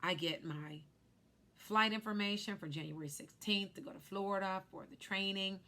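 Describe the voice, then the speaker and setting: Bright-voiced woman telling a story. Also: medium pitch, normal speed. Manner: animated storyteller who acts out quotes. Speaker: life insurance agent. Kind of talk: personal storytelling vlog.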